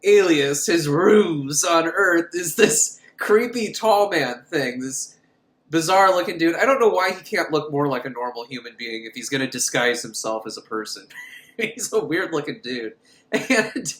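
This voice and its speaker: Rambling male film reviewer, lively up-and-down delivery, roomy echoey room. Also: a little high, unhurried. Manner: rambling, animated, laughs often. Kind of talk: comic movie recap.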